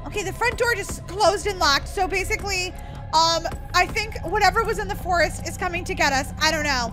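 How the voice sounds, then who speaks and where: Super high squeaky woman gaming, panicky and dramatic, bouncy voice, music behind. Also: lively intonation. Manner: dramatic, squealing and gasping, quick swings from panic to jokes. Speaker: gamer playing as a character in a roleplay. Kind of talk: excitable game role-play chat.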